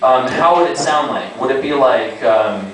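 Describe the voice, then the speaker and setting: A young man doing a stand-up set, rambling and halting with lots of fillers and self-aware asides. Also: medium pitch, expressive. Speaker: stand-up comic. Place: small comedy club. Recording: echoey club, distant mic, audible noise.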